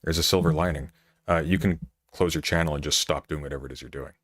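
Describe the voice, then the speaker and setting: A man talking calmly and firmly, measured and lecturing as he steers a call. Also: a bass voice, slightly rough, dry recording, clean studio sound. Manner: calm, measured, firm and lecturing. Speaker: interviewer.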